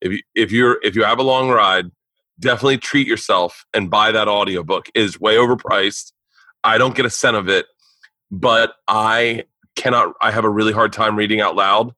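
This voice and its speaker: Male comedian host, husky and forceful, profane storyteller, dry close mic. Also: fairly low pitch, steady tone, normal speed, no echo. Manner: profane, rambling anecdotes with acted-out dialogue. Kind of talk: casual chat, storytelling.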